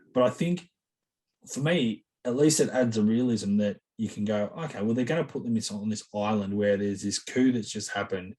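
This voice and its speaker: A man co-hosting a podcast in easygoing casual chat, with self-deprecating asides. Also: lowish voice. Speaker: podcast co-host.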